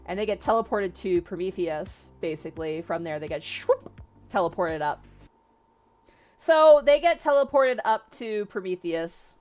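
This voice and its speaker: A young woman streamer casually retelling a story, animated and full of filler words and swearing. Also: mid-range voice, moderate pace, soft background music.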